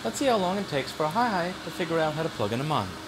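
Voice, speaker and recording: A man's voice: on the high side, sing-song, very fast, heavy background noise. A man running a repair shop, giving casual, teasing livestream commentary while working. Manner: sarcastic, teasing.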